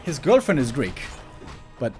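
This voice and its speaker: A man commentating a strategy game match solo, chatty and excitable, laughing often and rambling off-topic. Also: mid-range voice, measured pace, music in the background. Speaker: esports caster.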